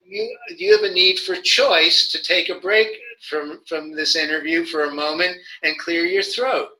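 A man's voice: fairly high pitch, very animated, sharp tone, poor audio. A man being interviewed as a guest, talking through communication ideas with frequent restarts and acted-out examples. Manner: halting, many restarts, acts out quoted examples. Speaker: guest, nonviolent communication educator. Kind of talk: conversational interview.

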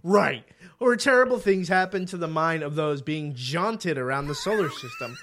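A man's voice: high-pitched, wildly swooping pitch, normal speed, a bit bright. A man co-hosting a podcast, ranting in casual chat with heavy profanity. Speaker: podcast co-host.

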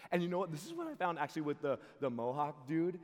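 A man giving an energetic sermon full of personal stories, his voice ringing in a large hall. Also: on the high side, quick pace. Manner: energetic, shifts into loud excited voices for quotes. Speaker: youth camp speaker. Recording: long reverb of a large hall.

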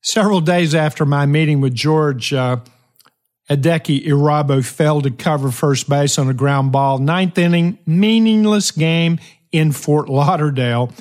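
Emphatic storytelling man, higher pitch. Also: darkish tone. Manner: emphatic, dramatic pauses, speeds up and slows down. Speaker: podcast host. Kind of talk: motivational storytelling monologue.

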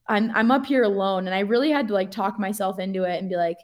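A young woman, a pro skier, telling a story in a casual, animated way with lots of fillers and laughter. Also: mid-range voice, fast.

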